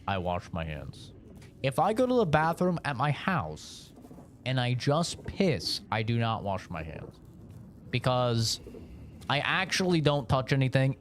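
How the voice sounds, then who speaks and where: A man, a streamer chatting casually with viewers, rambling and swearing freely, with faint background noise. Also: medium pitch. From United States.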